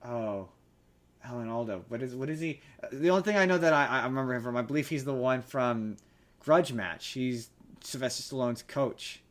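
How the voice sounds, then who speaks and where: A man's voice: mid-range voice, moderate pace. Chatty, teasing podcast host, a man. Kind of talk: casual chat.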